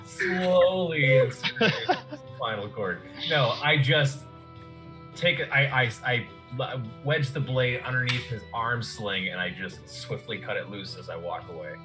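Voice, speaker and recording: A man's voice: mid-range voice, a little slow, over music. A man playing a tabletop game, playfully describing his character's actions with relish. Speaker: player.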